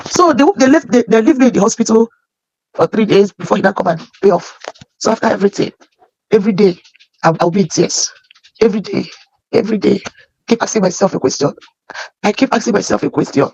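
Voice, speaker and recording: A woman with a Nigerian accent telling her life story as emotional personal testimony, halting and often repeating her phrases. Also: mid-range voice, darkish tone, slightly rough, no room sound, muffled recording.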